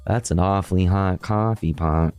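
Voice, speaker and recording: A man's voice: deep voice, normal speed, darkish tone, smooth, no room sound, faint music behind. A man chatting casually and crudely with viewers on a livestream while he reacts to clips.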